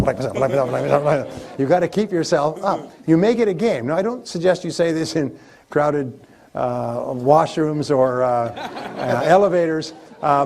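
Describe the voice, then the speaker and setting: A man's voice: on the high side, darkish tone. A man giving a live seminar talk into a stage microphone. He drives his points home with repetition, rolling lists and chanted phrases. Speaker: motivational speaker.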